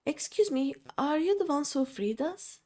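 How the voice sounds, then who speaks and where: Grateful freed captive, young woman, earnest and polite, a bit higher, read by the streamer. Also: lively intonation, measured pace, darkish tone. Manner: polite, pleading. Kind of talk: reading game dialogue aloud.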